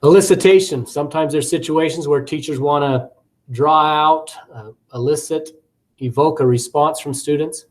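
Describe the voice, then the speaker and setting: A man's voice: a little high, normal speed. A man giving recorded course commentary as a teacher educator, talking conversationally with frequent fillers, repeated words and acted classroom examples.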